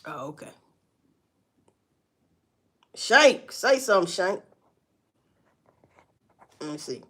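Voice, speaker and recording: Blunt, animated woman streaming live. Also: fairly low pitch, slow, husky. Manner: blunt and profane, with emphatic rising outbursts. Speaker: livestream host. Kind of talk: casual livestream chat to viewers.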